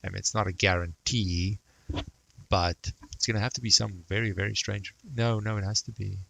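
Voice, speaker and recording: A man's voice: lowish voice, steady tone, moderate pace, creaky, bright, forceful tone, a little hiss or hum, low-quality recording. A man teaching math, thinking aloud and muttering to himself as he sketches a graph. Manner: self-talk, mutters, jokes about praising himself.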